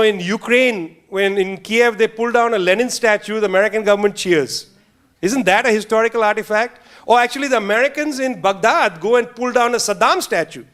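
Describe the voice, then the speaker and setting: High-pitched sardonic male lecturer. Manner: animated, sardonic, rhetorical questions, frequent asides. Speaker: guest lecturer. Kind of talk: campus lecture.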